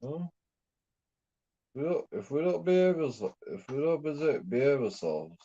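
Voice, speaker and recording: This English streamer swears nonstop through a rambling, repetitive rant, speaking in a fairly high, warm voice that's animated yet unhurried, with frequent pauses. The recording is dull and lo-fi.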